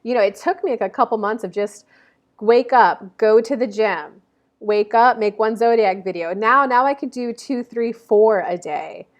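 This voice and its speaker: A woman's voice: fairly high pitch, moderate pace. A woman in her thirties giving a casual zodiac reading to camera, chatty and rambling, with many fillers and self-corrections. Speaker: astrology reader.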